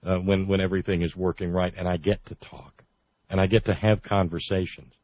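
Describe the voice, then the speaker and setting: A man hosts a call-in radio show, his low voice dry and close on a studio microphone. The sound is a little dull and lo-fi. He talks earnestly and often trips into restarts as he corrects himself. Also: flat delivery, brisk, no room sound. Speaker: radio talk show host. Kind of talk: talk radio monologue and call-in.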